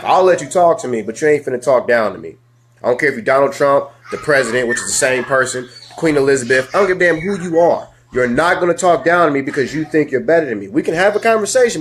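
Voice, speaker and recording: Animated man hosting a live talk. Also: brisk, slight background noise. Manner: animated, swings from loud to low, speaks to viewers. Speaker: host of a live discussion show. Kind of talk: casual live-stream talk.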